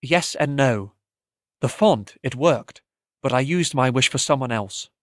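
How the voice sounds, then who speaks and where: A man's voice: mid-range voice, lively intonation, measured pace, no echo, clean studio sound, natural voice. Man voicing an earnest young hero. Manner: quiet, earnest, reflective.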